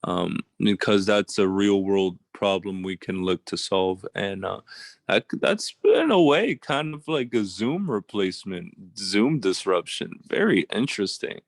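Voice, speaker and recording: Brief: sleep-deprived male co-host, lowish voice, dry close sound, easygoing and a bit profane. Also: animated, unhurried, no echo. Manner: loose and laid-back, swears casually. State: short on sleep. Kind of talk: casual video-call chat.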